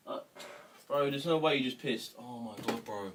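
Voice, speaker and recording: A man's voice: mid-range voice, normal speed, background noise. A man hosting a trading livestream, chatting casually, bluntly and playfully, with lots of swearing.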